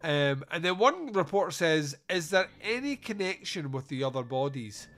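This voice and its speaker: Guy ranting through a film review, sweary and sarcastic, a bit high voiced. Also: moderate pace. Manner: sarcastic, sweary, animated storytelling. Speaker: podcast host reviewing a film. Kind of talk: casual comedic film review chat.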